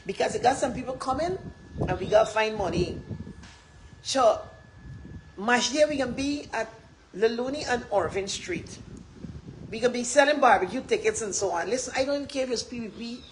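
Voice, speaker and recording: A woman with a Guyanese accent, speaking passionately as a political campaigner on a livestream, often rising into loud, emphatic shouts. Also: on the high side, expressive, moderate pace, pauses often, slight background noise, poor audio.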